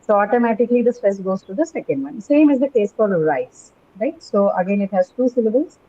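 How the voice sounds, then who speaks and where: A woman lecturing on pronunciation in a calm, explanatory way, her voice mellow and even. She keeps checking that the class follows her with "right?". The recording sounds dull and lo-fi. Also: medium pitch, a little fast. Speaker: English teacher. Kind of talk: classroom lecture on word stress.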